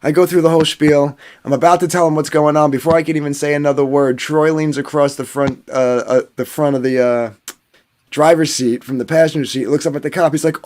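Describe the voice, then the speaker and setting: A man's voice: on the high side, a little fast. A man casually telling a story on a podcast panel, swearing and acting out what people said. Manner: animated, swearing, acts out quotes.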